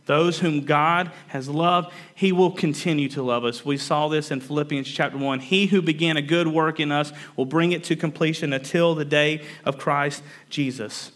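A man's voice: a little high, steady tone, normal speed, hardly any pauses, fairly bright tone. A man preaching a sermon in an earnest way, often repeating words and building to emphatic peaks. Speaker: pastor.

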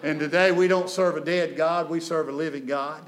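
High-pitched preacher, swinging loud to soft. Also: male voice, fairly even intonation, normal speed. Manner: dramatic rises and drops in volume, repeats phrases, calls for amen. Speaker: guest preacher. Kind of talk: sermon. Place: church sanctuary.

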